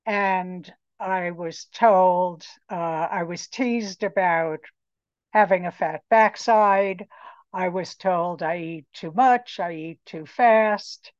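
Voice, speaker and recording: A woman in her late seventies giving a personal recovery testimony, reflective and pausing often. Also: fairly low pitch, clear, resonant tone, dry recording, dull audio. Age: 70s. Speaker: recovery meeting speaker.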